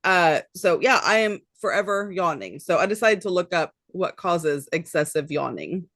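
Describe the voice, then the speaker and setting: A woman's voice: lowish voice, lively intonation, normal speed, a bit bright, no echo, studio quality. A woman co-hosting a podcast in casual chat, laughing often and sometimes trailing off mid-thought. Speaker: podcast co-host.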